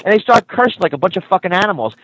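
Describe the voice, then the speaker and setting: Man, radio co-host, stumbling and repeating words, earnest, slightly high voice. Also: big pitch swings, very fast, fairly bright tone, low-quality recording. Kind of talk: casual call-in radio chat.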